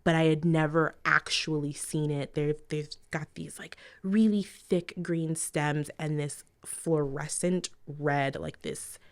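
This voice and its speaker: A middle-aged woman, a podcast guest, telling lively stories in casual chat, laughing often and sometimes dropping to a near whisper. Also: low voice.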